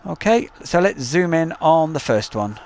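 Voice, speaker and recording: A man's voice: on the high side, very animated, moderate pace, a little mellow. A man with an East Midlands accent, hosting a casual live stream outdoors and chatting as he reads out viewer messages. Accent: East Midlands English. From England. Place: outdoors near an airport at night. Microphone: camcorder mic.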